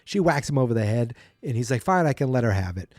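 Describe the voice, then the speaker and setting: A man with a dark, mellow voice talks through a sitcom plot in a loose, rambling recap. He pops into higher, sillier voices for the characters' quotes. The sound is close and dry, with no room around it. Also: sing-song, quick pace, no room sound. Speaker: podcast host. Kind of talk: casual episode recap.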